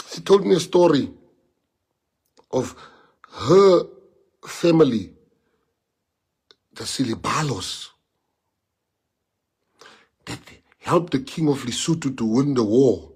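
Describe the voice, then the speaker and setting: A man's voice: fairly high pitch, animated, slow pace, gravelly, pauses often, a little mellow, slightly rough. A man from South Africa with a South African accent, a native Afrikaans speaker, giving an impassioned monologue to followers and repeating rhetorical questions. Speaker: politician addressing followers. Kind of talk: emotional live-streamed monologue.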